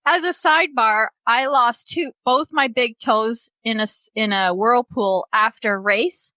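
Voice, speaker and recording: A giggly woman hosts a podcast, rattling off quick questions to her guest. Her voice is bright and somewhat high, recorded close and dry. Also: no echo. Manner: giggly, upbeat. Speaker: podcast host. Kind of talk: quick-fire interview questions.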